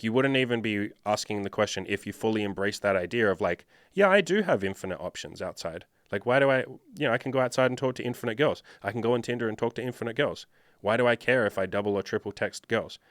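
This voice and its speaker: A man's voice: lowish voice, fairly bright tone, dry recording, studio quality. A man working as a dating coach, answering viewer questions in a blunt, profane, lecturing monologue.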